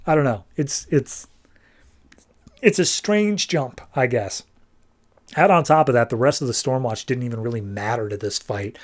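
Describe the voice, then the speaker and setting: A man's voice: medium pitch, moderate pace. A man hosting a casual comics podcast, talking in a rambling, offhand way full of fillers. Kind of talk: casual comic book review.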